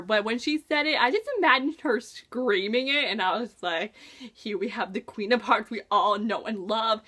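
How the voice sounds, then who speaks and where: A young woman vlogging a casual book review, gushing and excitable, full of "like" and "oh my gosh". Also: fairly high pitch.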